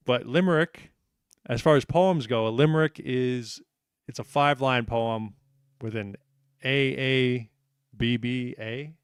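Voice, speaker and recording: A man's voice: mid-range voice, clear, resonant tone, no echo, clean studio sound. Upbeat joking trivia host man. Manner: upbeat, joking, self-deprecating. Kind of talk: casual live trivia hosting.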